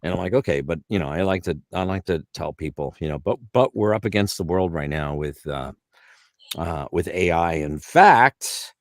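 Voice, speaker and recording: Deep, low middle-aged male guest, chatty and rambling, dry close sound. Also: normal speed, dry recording. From Canada. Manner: animated anecdotes with lots of restarts and fillers. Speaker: guest voice actor. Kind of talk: casual interview storytelling.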